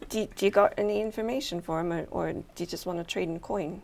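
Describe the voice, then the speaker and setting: A woman's voice: lowish voice, fast, gravelly, darkish tone, a little hiss or hum. A woman running a tabletop game as game master, narrating hesitantly with many fillers.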